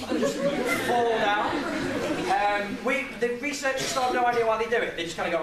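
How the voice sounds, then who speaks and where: Young male speaker, light and high, jokey and chatty; distant mic with faint room noise. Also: very animated, normal speed, very echoey, a crowd in the background. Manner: chatty, jokey, laughs at own stories. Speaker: guest speaker. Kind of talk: informal public talk. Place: lecture room with audience.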